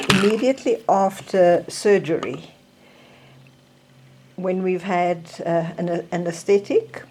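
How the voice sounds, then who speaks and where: Older south african lady chatting through her recovery tips, slow and low, soft mellow tone. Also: a little hiss or hum. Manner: slow, chatty, demonstrating objects. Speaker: vlogger sharing recovery tips. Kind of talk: casual show-and-tell.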